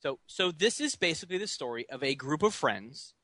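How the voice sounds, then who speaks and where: A man co-hosting a podcast in casual chat, quick-witted and giggly, with many ums as he sums up a plot. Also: on the high side, sing-song, pushed and bright, no echo. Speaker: podcast co-host.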